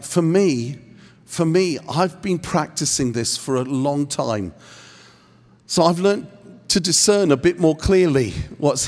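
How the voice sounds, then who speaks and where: A man teaching on prayer, acting out little scenes with self-deprecating humor. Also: fairly high pitch. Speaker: speaker at a prayer training session. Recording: long hall reverb.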